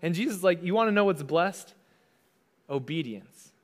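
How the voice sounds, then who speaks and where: A man's voice: sits high, lively intonation, moderate pace. A young adult man, a pastor, giving a conversational sermon and casually acting out the voices he quotes.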